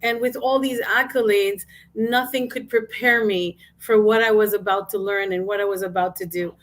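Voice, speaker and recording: A woman's voice: medium pitch, fairly even intonation, moderate pace. A middle-aged woman, a business coach and guest speaker, telling her life story in an interview with emotion and acted-out quotes.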